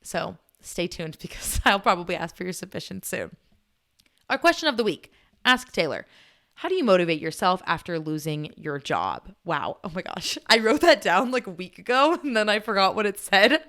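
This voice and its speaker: A young woman hosting a podcast, telling a personal story in a chatty, animated way with frequent laughs. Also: medium pitch, normal speed. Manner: chatty, animated, laughs often, many "like" fillers. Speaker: podcast host. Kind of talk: casual storytelling chat.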